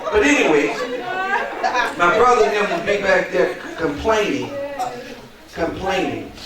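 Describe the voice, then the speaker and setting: Preacher guy, kinda high voice, laughing thru his sermon, far off mic in a big echoey church w/ loud congregation. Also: unhurried, a loud crowd. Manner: animated preaching with frequent chuckles. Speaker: pastor. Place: large church sanctuary with congregation.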